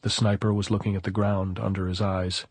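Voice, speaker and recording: A man narrating an audiobook in a steady, even storytelling manner. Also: low-pitched, brisk, husky, dry recording. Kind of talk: scripted narration.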